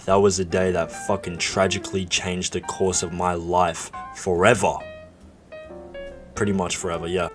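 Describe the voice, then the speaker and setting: Profane, excitable young man telling a story. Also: low voice. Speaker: vlogger. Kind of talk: confessional comedy storytelling.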